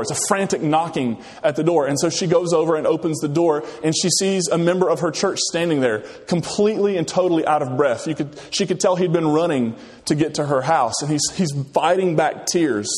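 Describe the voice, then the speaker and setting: A man's voice: on the high side, a little mellow. A male pastor delivering a casual, conversational sermon, often restarting his phrases. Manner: conversational, halting, many restarts. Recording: long hall reverb.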